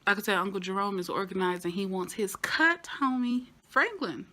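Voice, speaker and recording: A woman talking through a TV episode recap in a casual, lively way, with playful asides and sudden high exclamations. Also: moderate pace. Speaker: TV show reviewer.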